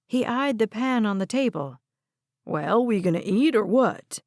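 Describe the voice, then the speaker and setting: A woman voicing a gruff, blunt elderly grandfather in an audiobook, recorded dry. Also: medium pitch, lively intonation, unhurried, a little mellow, no echo. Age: over 70. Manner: gruff and plainspoken.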